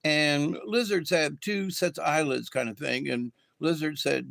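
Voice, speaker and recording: A man's voice: on the high side, normal speed, vocal fry, hardly any pauses, dry recording. A man reading animal spirit cards on a live stream, in a folksy, meandering style with many fillers. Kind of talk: rambling live-stream storytelling.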